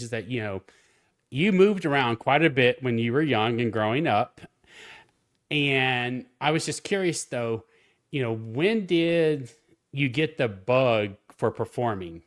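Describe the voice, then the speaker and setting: Male host, mid-pitched and chatty, halting phrasing, laughs easily. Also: animated. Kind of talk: casual interview.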